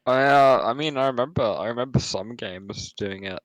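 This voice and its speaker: A man's voice: medium pitch, moderate pace, no room sound, rough recording. A young man from Australia in casual chat, hesitant and matter-of-fact. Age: young adult.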